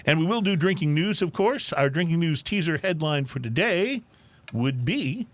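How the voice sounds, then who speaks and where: Lively male podcast co-host. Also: on the high side, moderate pace. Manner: lively, laughs easily. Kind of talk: casual chat.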